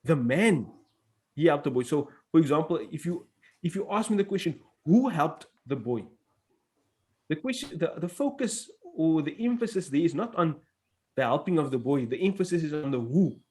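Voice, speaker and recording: A man's voice: fairly high pitch, expressive, a little fast, darkish tone, slightly rough. A man teaching an Arabic grammar class in English, explaining step by step and reading out Arabic phrases.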